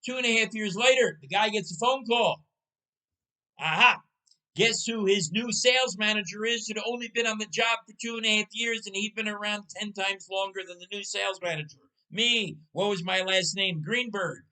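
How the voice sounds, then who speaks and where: A man's voice: high-pitched, moderate pace, sharp tone, rough recording. A man in his sixties hosting a casual talk show, telling stories and putting rhetorical questions to his listener. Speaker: podcast host. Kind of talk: casual storytelling chat.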